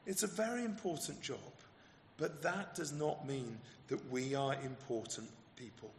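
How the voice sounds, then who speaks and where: A man, the vicar, preaching a lively sermon and acting out the quoted exchanges, with some stumbles and repeated words. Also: mid-range voice, measured pace, reverberant, in a large hall, slight background noise. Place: church.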